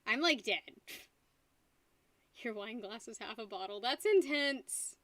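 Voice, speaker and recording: A woman's voice: a little high, animated, slow, fairly bright tone, no echo. A young woman streaming casually, tipsy from wine, rambling and giggling while talking to her dog. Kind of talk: casual live-stream chat.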